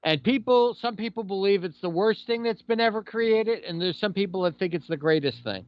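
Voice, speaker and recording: A man with a fairly high voice hosts a casual podcast, sharing blunt, opinionated takes peppered with swearing. The sound is dry and a little dull, with no room around it. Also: fairly quick, no room sound. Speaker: podcast host. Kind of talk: casual profane talk.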